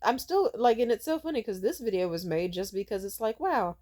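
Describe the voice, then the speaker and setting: A woman's voice: on the high side, lively intonation, a little fast, dark tone. A young woman ranting casually to camera, sarcastic and full of fillers, mocking the comments she quotes. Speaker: video creator.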